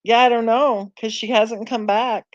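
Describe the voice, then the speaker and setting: A woman's voice: a little high, fairly even intonation, normal speed, dry recording, dull audio. A woman hosting a casual live-stream chat on a true crime channel, rambling and thinking aloud as she browses, sighing and sounding tired.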